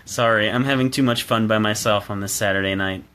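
A man's voice: on the low side, steady tone, a little fast, background noise. A man giving a casual, opinionated solo film review, chatty with restarts and fillers, recorded alone at home.

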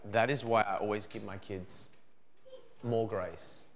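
A middle-aged man giving a lively parenting seminar talk, acting out dialogue as he goes. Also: on the low side, measured pace, creaky. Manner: animated, acts out dialogue in put-on voices.

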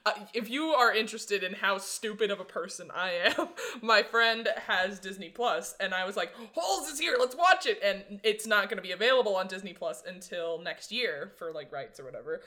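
A co-host on a casual podcast, giggling and tossing in quick jokes. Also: mid-range voice, pushed and bright. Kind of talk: casual chat.

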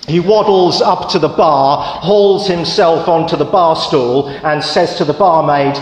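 A man preaching, telling jokes and parables in a measured storytelling manner. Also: fairly high pitch. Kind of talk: sermon storytelling. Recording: echoey hall with long reverb.

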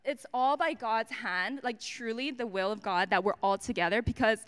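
A woman's voice: fairly high pitch, moderate pace. A woman giving a personal testimony at a church service, chatty and self-mocking, with lots of fillers and restarts.

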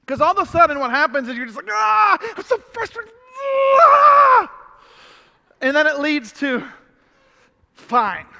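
Male pastor: very high, bright voice, emphatic sermon, echoing hall. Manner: emphatic, repeats phrases, cries out in frustration. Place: church hall. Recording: long hall reverb.

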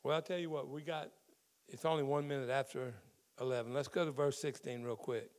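A man's voice: medium pitch, fairly even intonation, brisk, a little mellow. A man who is a pastor, preaching a sermon in a conversational way and explaining the meaning of Greek words in scripture.

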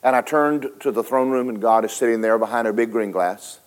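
A man preaching a sermon, telling a story dramatically, switching between loud and hushed and talking straight to the congregation. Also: medium pitch, a little fast, smooth. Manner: folksy, speaks to the congregation directly.

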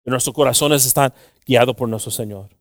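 A man's voice: medium pitch, quick pace, no room sound, clean studio sound. A man preaching a sermon, switching between Spanish and English, with many fillers and acted-out quotes from the story. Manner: acts out quoted voices in the story. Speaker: pastor. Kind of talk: bilingual sermon.

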